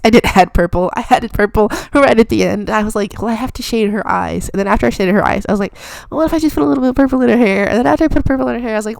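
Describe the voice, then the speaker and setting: A woman's voice: on the low side, dry recording. A young woman hosting an art channel, chatting casually over her drawing in a rambling, self-deprecating way with lots of fillers and little laughs.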